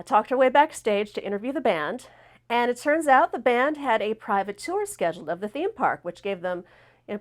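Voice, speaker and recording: Woman host, storytelling, animated, slips into quoted voices, medium pitch. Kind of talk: storytelling talk-show monologue.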